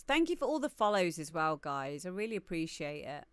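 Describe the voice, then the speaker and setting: A woman's voice: fairly low pitch, big pitch swings, a little fast, smooth, no room sound. A woman with a British accent hosting a live music stream, chatting casually as she reacts to a video. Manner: easygoing, reacting aloud to a video.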